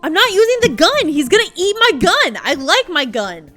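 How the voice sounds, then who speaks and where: A woman livestreams a game and chats casually, rambling with sarcastic, profane asides. Her voice sits high. Faint game music plays behind her. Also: very animated, moderate pace, a bit bright. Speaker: game streamer. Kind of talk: casual gameplay commentary.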